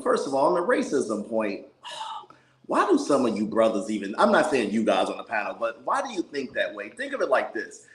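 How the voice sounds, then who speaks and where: Emphatic man in a roomy echo. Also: medium pitch. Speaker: caller on a live panel. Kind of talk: casual live audio chat.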